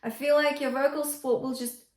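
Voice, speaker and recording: Higher-voiced woman vocal coach, roomy sound. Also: fairly even intonation, brisk. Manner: encouraging, checks in often with "okay?". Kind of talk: singing lesson with demonstrations. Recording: echoey room with faint music.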